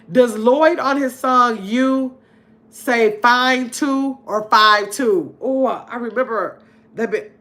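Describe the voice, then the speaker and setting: A woman's voice: medium pitch, fairly bright tone. Chatty woman hosting a live game night. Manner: chatty, laughs often, talks straight to viewers. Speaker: livestream host. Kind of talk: casual live-stream chat reading viewer comments.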